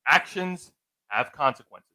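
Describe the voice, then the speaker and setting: Earnest, animated male podcast host. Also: fairly high pitch, measured pace, low-quality recording. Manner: earnest, addressing viewers directly. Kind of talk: casual live-stream chat.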